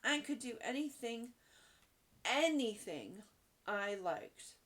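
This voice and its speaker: A woman's voice: on the high side, expressive, slow, fairly bright tone, full character voice. A woman voicing a proud young girl in a storybook reading, answering grandly and politely. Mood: dreamy.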